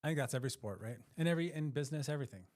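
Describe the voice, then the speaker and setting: A man's voice: fairly high pitch, animated, rapid-fire, darkish tone. A man co-hosting a business podcast, agreeing with his guest and leading into the next question. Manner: affirming, sets up questions with short agreements. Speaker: podcast co-host. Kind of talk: casual interview chat.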